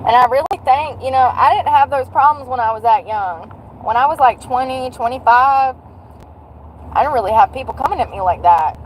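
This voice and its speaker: Talking to her livestream from the car, this vlogger is blunt and playful, animated and quick to laugh. Her voice sits high and runs a little fast, over a rough recording with slight background noise.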